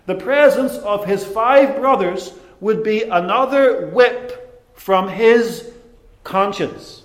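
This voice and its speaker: A man preaching a sermon, deliberate and emphatic, with dramatic pauses. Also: high-pitched, echoey room.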